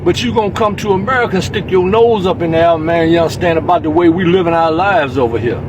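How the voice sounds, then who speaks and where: A man's voice: on the high side, fast talker. Heated man ranting in a noisy car. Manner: heated, confrontational, keeps saying "man" and "you understand". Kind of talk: ranting vlog to camera.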